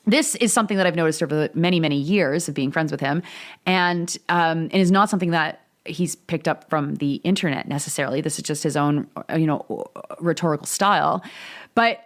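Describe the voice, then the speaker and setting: Low-voiced woman musing on a podcast. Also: brisk. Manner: thoughtful, musing, builds long reflective sentences. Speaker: podcast co-host. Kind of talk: casual conversational podcast chat.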